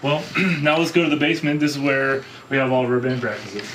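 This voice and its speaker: A man who plays bass and engineers his band's sound, giving an easygoing tour of his home studio and rehearsal space. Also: a little fast, music in the background, poor audio. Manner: easygoing, explanatory.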